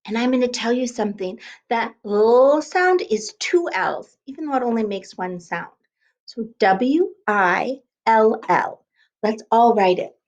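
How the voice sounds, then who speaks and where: A woman teaching a kindergarten class by video, speaking slowly in a sing-song way and sounding out words letter by letter. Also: on the high side, lively intonation, darkish tone. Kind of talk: remote lesson for young children.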